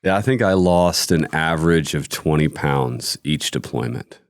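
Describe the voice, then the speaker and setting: Very deep-voiced man in casual chat. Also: moderate pace, no room sound, studio quality. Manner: relaxed, joking, crude humor.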